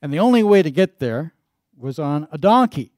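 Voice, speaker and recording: A man preaching a sermon as pastor, telling stories in a folksy, lively way. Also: a little high, normal speed, dry recording, studio quality. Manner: folksy storytelling with lively emphasis.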